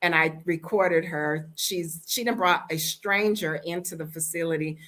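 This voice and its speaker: American woman, storytime vlog, blunt and sassy, bright forceful voice, on the low side. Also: unhurried. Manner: animated, blunt, sassy, acts out quoted dialogue. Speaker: vlogger telling a story. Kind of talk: casual storytime monologue.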